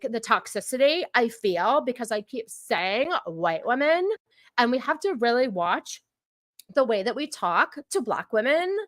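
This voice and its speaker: A woman hosting a live stream, mocking the clips she plays and ranting with heavy sarcasm. Her voice sits a touch high, and the sound is dry with no room around it. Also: a bit bright, no room sound. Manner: mocking, quick to laugh. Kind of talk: casual live-stream commentary.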